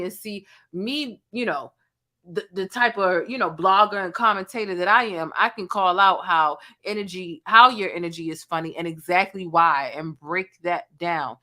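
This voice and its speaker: Woman commentator, bright voice, sassy slangy delivery, gossip breakdown. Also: on the low side, moderate pace. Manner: sassy, slangy, mimics people she quotes. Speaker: blogger and commentator. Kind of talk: commentary vlog.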